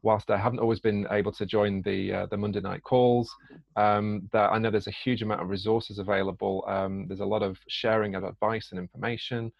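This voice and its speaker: A man's voice: on the low side, flat delivery, a little fast, vocal fry, dry recording. A man from Britain, a coach and podcast guest, talking in a hesitant way with many fillers and restarts, on a dull lo-fi recording. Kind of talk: conversational podcast interview. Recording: dull lo-fi dry sound.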